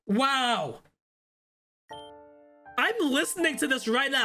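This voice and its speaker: Animated gaming YouTuber, bright and expressive. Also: male voice, moderate pace, soft background music. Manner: reacts loudly with exasperated outbursts; reads game text in a flat, lowered voice. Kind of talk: let's play commentary reading game dialogue aloud.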